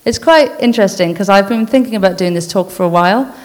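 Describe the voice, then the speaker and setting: A woman's voice: mid-range voice, a little mellow. Earnest woman preaching in a reverberant hall. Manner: earnest, conversational with fillers, reads slowly and deliberately. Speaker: lay speaker giving a church talk. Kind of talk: informal sermon with reading from a list.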